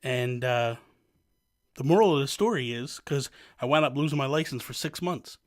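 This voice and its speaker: A man's voice: medium pitch, normal speed. A young man from New Jersey telling a self-mocking story to camera, acting out what others said. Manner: animated, self-mocking, acts out quotes. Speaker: vlogger.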